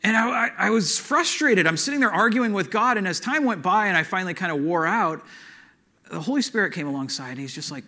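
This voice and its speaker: A man preaching with a fairly high voice, sharing his own story in an earnest, chatty way. He leans into words with lively shifts of emphasis, the way a pastor talks to his congregation. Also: a little fast. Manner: earnest, conversational storytelling with animated swings in emphasis. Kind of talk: personal testimony in a sermon.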